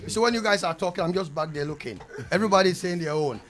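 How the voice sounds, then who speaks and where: A man's voice: high voice, rapid-fire, fairly bright tone. A Ghanaian man with a Ghanaian English accent, joking and bantering as a panelist on a radio show, laughing often as he makes his point. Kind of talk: lively studio panel banter. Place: radio studio.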